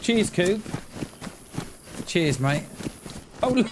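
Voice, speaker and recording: A man's voice: high voice, noisy background. A man chatting casually to viewers while streaming a game, laughing often and thanking people for donations. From Wales. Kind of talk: casual live-stream chat.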